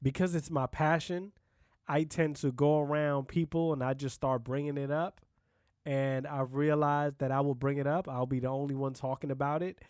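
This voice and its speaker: A man's voice: a little high, flat delivery, moderate pace, a little mellow, dry recording, studio quality. A man hosting a solo podcast, talking bluntly and casually, with profanity and frequent "you know what I mean" asides. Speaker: podcast host.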